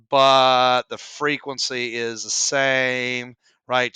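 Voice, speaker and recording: A man's voice: mid-range voice, moderate pace, bright, forceful tone, clear, resonant tone, no room sound. A middle-aged man, a physics teacher, working through exam problems at home in a casual, grumbling, self-deprecating way with wry asides. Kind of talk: casual solo problem walkthrough. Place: home room.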